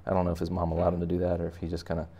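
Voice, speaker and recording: A man's voice: low voice, monotone, rapid-fire, mellow, highs cut off. A man teaching kids to draw, chatting casually and making joking asides while he sketches. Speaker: art teacher. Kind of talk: casual drawing tutorial for kids.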